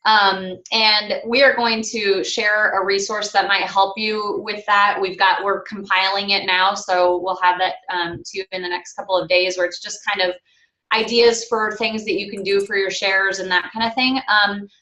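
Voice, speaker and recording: Bright-voiced woman coaching, echoey room. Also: medium pitch, little pitch movement, normal speed. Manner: chatty, with fillers and playful mock quotes. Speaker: coach leading a team call. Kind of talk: casual coaching talk.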